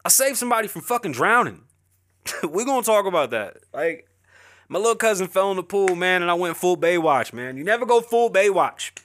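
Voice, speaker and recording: A man's voice: sits high, sing-song, brisk, fairly bright tone, no echo. A middle-aged man hosting a podcast, talking candidly and emotionally about his family and his struggles, profane and rambling. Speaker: podcast host. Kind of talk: candid personal talk.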